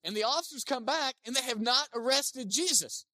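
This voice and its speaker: A pastor preaching a sermon, animated, swinging between loud emphasis and quiet asides, and acting out the people quoted. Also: high-pitched, normal speed, no room sound, clean studio sound. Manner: acts out quoted speakers in playful voices.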